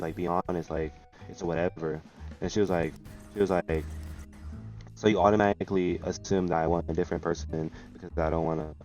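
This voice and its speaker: Young man, very low voice, storytime vlogger; loose and rambling, slang-heavy, faint music underneath. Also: darkish tone. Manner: rambling, full of restarts and slang. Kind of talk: casual storytelling.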